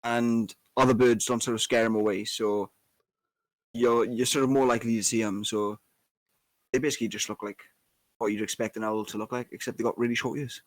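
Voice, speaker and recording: A man's voice: mid-range voice, fairly even intonation, brisk, dry recording, low-quality recording. A man co-hosting a casual podcast chat, rambling with lots of fillers and restarts. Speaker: co-host.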